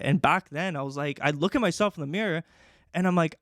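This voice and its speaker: Chatty young man, slightly high voice. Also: a little fast, fairly bright tone, clear, resonant tone, dry recording, studio quality. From Canada. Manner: chatty, many fillers. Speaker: podcast host. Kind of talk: casual storytelling.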